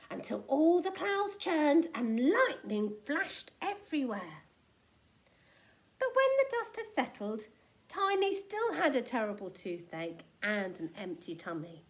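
A woman teacher reading a picture book aloud to children, animated and expressive, with hushed asides. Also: high voice, unhurried.

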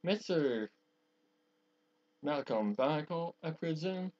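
A man's voice: fairly high pitch, expressive, slow pace, darkish tone, muffled recording. A man voicing a flamboyant gothic patriarch with grand theatrical delivery in a fan musical recording.

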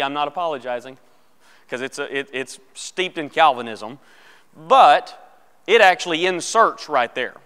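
A man's voice: a little high, sharp tone, clean tone. Man teaching a church Bible class. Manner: casual, joking, asks the class questions. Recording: long church hall reverb.

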